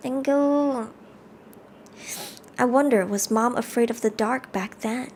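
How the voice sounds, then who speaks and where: Woman streamer, slightly high voice, animated, reading game text aloud, faint background noise. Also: slow pace, long pauses. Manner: animated, chatty, reads narration aloud between chat replies.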